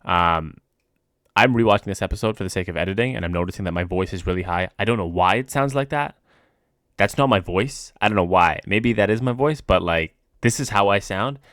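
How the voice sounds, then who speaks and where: A man's voice: low voice, fairly quick, fairly bright tone, no room sound, clean studio sound. A man co-hosting a casual podcast, talking in a rambling way with lots of fillers. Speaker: podcast co-host.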